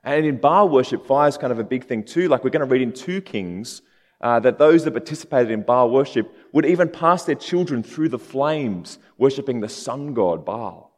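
A man preaching a sermon in a relaxed, conversational way, with casual asides. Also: mid-range voice, normal speed. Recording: long hall reverb.

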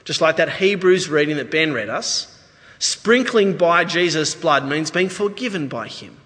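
A man with an Australian accent preaching a sermon, chatty and lively, with asides to the congregation. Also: a little high, unhurried. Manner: conversational, animated preaching with asides. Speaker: pastor. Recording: reverberant church hall.

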